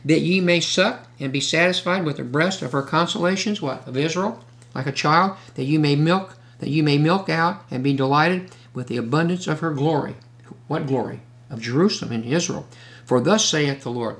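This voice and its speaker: A male preacher with a gravelly edge and a voice set a little above the usual male range. He reads scripture at a deliberate pace, then breaks off to put asides and quick questions to his listeners. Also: fairly high pitch, fairly bright tone. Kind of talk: sermon, Bible teaching.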